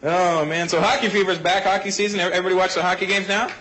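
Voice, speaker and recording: A man's voice: high voice, fairly even intonation, very fast. Stand-up comic, male, teasing crowd work, live club audio full of noise. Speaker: stand-up comedian. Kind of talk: stand-up routine on stage. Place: comedy club stage.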